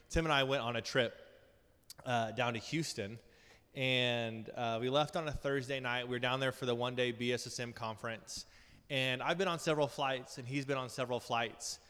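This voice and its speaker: A male preacher giving a sermon, telling funny personal stories in an animated, self-deprecating way, often laughing at himself. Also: medium pitch, clear, resonant tone. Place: large church hall. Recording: long hall reverb.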